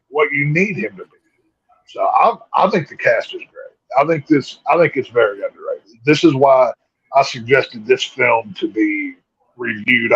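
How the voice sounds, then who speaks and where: Casting note: casual male movie reviewer, husky and blunt, dry slightly dull recording. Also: medium pitch, no echo. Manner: rambling, blunt, lots of restarts. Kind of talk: casual chat.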